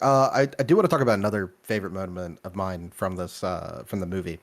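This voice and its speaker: A man's voice: low voice, fast talker. A young man co-hosting a casual podcast chat, eager and agreeable, often starting with small hesitations. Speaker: podcast co-host.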